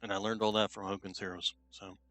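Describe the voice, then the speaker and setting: A man's voice: on the low side, little pitch movement, fast talker, a bit bright, no echo, soft background music. A man streaming a shooter game, chatting casually and talking to his cat between game remarks. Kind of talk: casual gameplay commentary.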